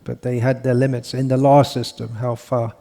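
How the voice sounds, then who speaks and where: A man giving a scriptural lecture in an unhurried, rambling way, with frequent restarts and fillers. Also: medium pitch, flat delivery, creaky, warm tone. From India. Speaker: monk lecturer.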